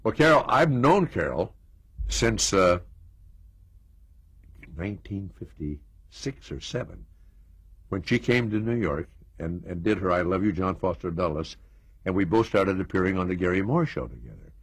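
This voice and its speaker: Husky older man telling stories. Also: sits low, lively intonation, normal speed, dry recording. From United States. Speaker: interview guest. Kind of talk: reminiscing interview.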